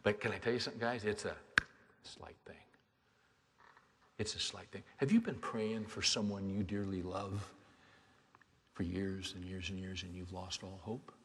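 A man preaching a sermon as a pastor, dropping to quiet, hushed lines and then rising to loud, fervent exhortation. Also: low voice, fairly even intonation, moderate pace, a little hiss or hum. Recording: long hall reverb.

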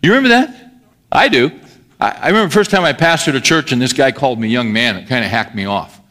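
A man's voice: mid-range voice, animated, fast, a bit bright. A middle-aged male pastor preaching a sermon in a conversational way, often asking his listeners questions. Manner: conversational, asks the congregation questions.

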